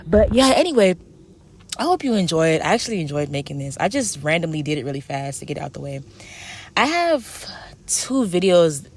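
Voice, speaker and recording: A young woman venting to her camera in a casual, profane rant, full of "like" fillers. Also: on the low side. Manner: profane, ranting, frequent "like" fillers. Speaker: vlogger.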